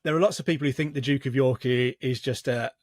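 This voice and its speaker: Man, historian, measured storyteller, mid-pitched voice, dry studio sound. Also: no echo. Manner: measured storytelling with frequent restarts. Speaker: historian guest. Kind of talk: casual podcast explanation of history.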